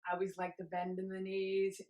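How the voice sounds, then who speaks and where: Female movement teacher, mid-range voice, gently cueing steps and chanting counts while she moves, recorded in a roomy, echoey space. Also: mid-range voice, monotone, brisk. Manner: talks while moving along with the exercise. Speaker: movement instructor. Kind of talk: guided movement class.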